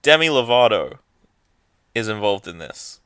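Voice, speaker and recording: A young man co-hosting a podcast in casual chat, rambling and halting, often laughing. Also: fairly low pitch, very animated, fairly bright tone, clean tone, no echo. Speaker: podcast co-host.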